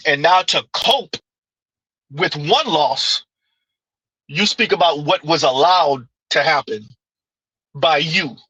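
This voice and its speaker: A man's voice: fairly high pitch, slow pace, long pauses, pushed and bright, slightly rough, no echo, low-quality recording. A man giving casual livestream commentary, arguing his point with pointed rhetorical questions and reading chat comments aloud.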